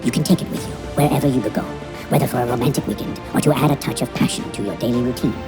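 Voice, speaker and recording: A man's voice: medium pitch, very fast, lightly acted. A man voicing a pompous male infomercial narrator, with grand, solemn delivery read over music. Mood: grandiose. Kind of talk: mock-epic ad narration.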